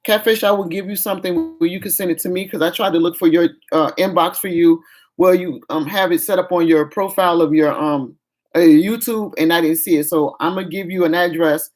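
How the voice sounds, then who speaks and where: A woman's voice: lowish voice, steady tone, fairly quick, a little mellow. A middle-aged woman, venting frankly in a casual vlog chat. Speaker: vlogger.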